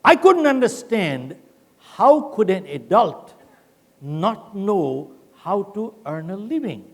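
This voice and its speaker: A man's voice: high voice, very animated, takes it slowly. An older man giving a motivational keynote speech, telling a story with acted quotes. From India. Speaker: keynote speaker. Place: large conference hall. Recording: long hall reverb.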